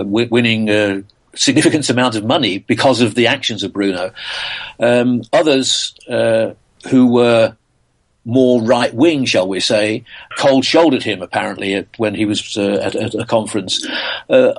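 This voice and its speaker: An older man from England, a physicist guest, answering interview questions in a thoughtful way, full of pauses, uhs and restarts. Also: medium pitch.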